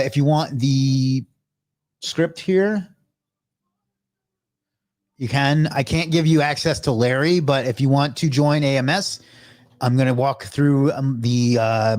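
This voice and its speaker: A man's voice: medium pitch, a little mellow, no room sound. A man with a mid-range voice hosts a live stream. He talks casually and chattily to his viewers, thanking them and asking them to subscribe.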